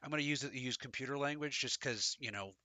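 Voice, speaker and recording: A man's voice: medium pitch, fast talker, bright, forceful tone, dry recording. A man casually explaining metaphysical ideas in loose, slangy speech that swears now and then. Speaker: host talking metaphysics. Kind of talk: casual chat.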